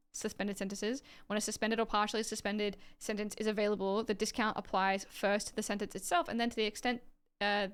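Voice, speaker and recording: Australian woman, livestreamer, mid-pitched, smooth clear voice, casual chat, reads aloud, swears offhand. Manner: reads legal text aloud, then chats offhand with viewers and swears casually.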